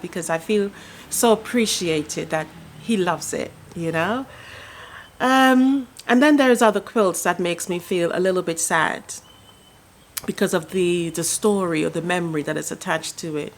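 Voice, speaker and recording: A middle-aged woman sharing a personal story in a vlog, speaking softly and haltingly, with many restarts. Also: fairly low pitch, a little hiss or hum. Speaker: quilting vlogger. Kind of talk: personal vlog talk to camera.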